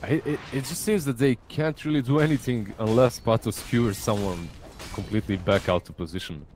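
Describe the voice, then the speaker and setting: A man's voice: mid-range voice, fairly quick, a little mellow. A man giving color commentary on an esports match, often stumbling and repeating words as he starts a thought. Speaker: esports analyst.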